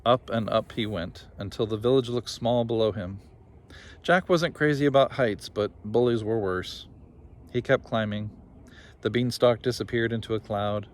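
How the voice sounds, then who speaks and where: A man reading a children's story aloud with lively, expressive narration. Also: fairly low pitch, normal speed. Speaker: reader.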